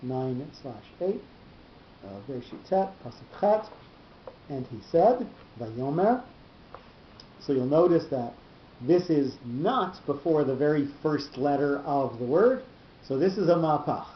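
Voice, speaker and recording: A man's voice: on the high side, animated, a little slow, slight background noise. Man teaching a Torah class, echoey. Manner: explanatory, repeats words while thinking. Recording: dull echoey room recording.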